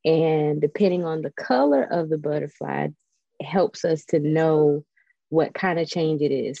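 A woman in a casual spiritual chat, telling stories in a chatty, animated, digressive way. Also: deep voice, no echo, muffled recording. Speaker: spiritual guest.

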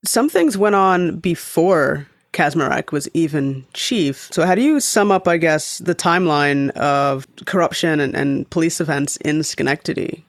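Male podcast host, higher voice, tentative interviewer, dry close mic. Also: lively intonation, a little slow, few pauses, no echo. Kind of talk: interview questions.

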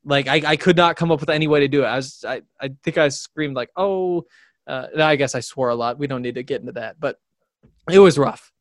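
A man's voice: mid-range voice, fairly even intonation, quick pace, dry recording, clean studio sound. A man in his twenties co-hosting a sports podcast in casual chat, rambling through stories with lots of fillers. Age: 20s. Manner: rambling storyteller, many fillers.

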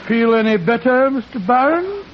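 An actor playing an earnest, easily startled doctor companion in a vintage radio drama, speaking eagerly with exclamations. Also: male voice, very high-pitched, animated, moderate pace. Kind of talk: 1940s radio acting. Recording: muffled old radio broadcast with faint hiss.

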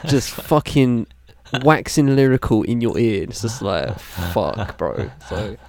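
A man's voice: medium pitch, unhurried, darkish tone, no echo. Rambling man chatting about music. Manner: rambling, filler-heavy, joking exasperation. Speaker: podcast co-host. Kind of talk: casual chat about music.

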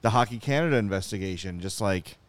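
A man's voice: lowish voice, quick pace, dry recording. Exasperated Chicago man hosting a podcast. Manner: frustrated, swears freely. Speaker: podcast host. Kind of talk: casual sports podcast chat.

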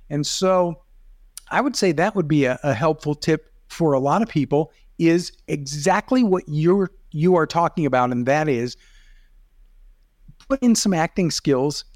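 A man's voice: fairly high pitch, a little mellow, no room sound, clean studio sound. A middle-aged man, a video coach, explaining as a podcast guest in casual talk, demonstrative with rising and falling emphasis.

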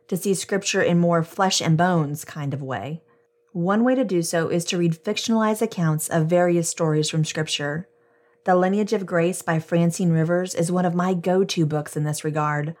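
A woman's voice: fairly low pitch, a little mellow. A woman hosting a devotional podcast, reading scripture and reflecting earnestly, addressing listeners as friends.

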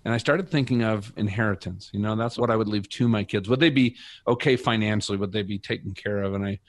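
Talking fast in a fairly low voice, a middle-aged guest relates his personal faith story, earnest and reflective throughout. The recording carries no room sound.

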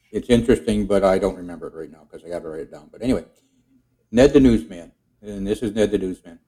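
Rambling man with a dark voice. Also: lowish voice, low-quality recording. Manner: rambling, halting storytelling. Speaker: guest performing his character voices. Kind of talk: casual chat.

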